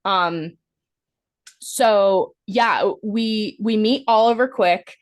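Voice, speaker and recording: A woman's voice: mid-range voice, drawn-out words. A woman co-hosting a podcast, recapping a film in a casual, rambling way, full of "like" fillers and the odd swear word. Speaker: podcast co-host. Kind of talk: casual movie-review chat.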